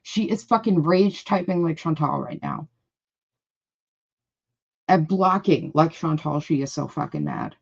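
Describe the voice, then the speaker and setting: A woman with a gravelly, rough-edged voice talks through a live reaction stream, reading comments aloud and cutting in with blunt, indignant remarks and frequent swearing. The sound is dull and lo-fi, as on a home streaming mic. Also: deep voice, big pitch swings, unhurried, pauses often. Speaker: livestream reaction host.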